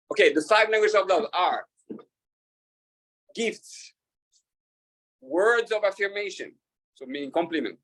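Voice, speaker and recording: A man, a rabbi, talking casually to an audience, halting with fillers and restarts and laughing at his own jokes. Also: fairly high pitch, fairly bright tone, rough recording.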